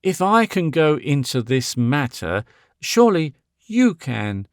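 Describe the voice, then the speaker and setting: In a dry, clean studio recording, a man voices a proud, icy young woman for an audiobook, pitching his exaggerated voice high above his own with big pitch swings. He speaks slowly, cold and clipped, asking imperious questions and cutting with sarcasm.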